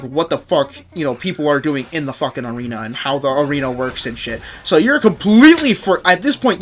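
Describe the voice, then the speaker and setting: Foul-mouthed young streamer, slightly high voice. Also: male voice, a bit bright. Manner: rambling, swears constantly, acts out game characters in quick asides. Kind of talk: casual livestream game commentary.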